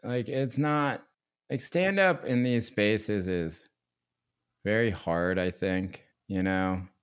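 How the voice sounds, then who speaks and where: A man co-hosting a podcast, chatting casually in a rambling way, full of "like" and "you know" and quick laughs. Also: on the low side, clean tone. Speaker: podcast co-host. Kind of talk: casual chat.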